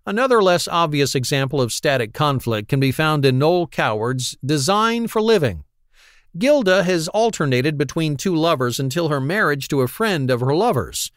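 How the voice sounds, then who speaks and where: A man gives a scripted audiobook narration in a wry, analytical tone. His pitch moves a lot. The sound is dry and close. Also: no room sound.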